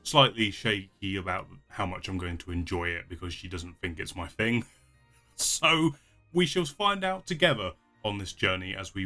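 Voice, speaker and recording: A man's voice: on the low side, sharp tone. A man hosting a casual movie reaction, chatty, with lots of fillers and frequent laughs. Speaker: YouTube reaction host.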